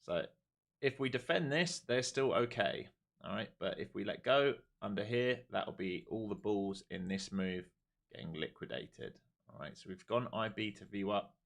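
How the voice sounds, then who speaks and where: A man streaming his day trading live, talking through charts calmly and then groaning and swearing at the market when it moves against him. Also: fairly low pitch, moderate pace, gravelly. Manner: swings from calm chart talk to exasperated outbursts at the market.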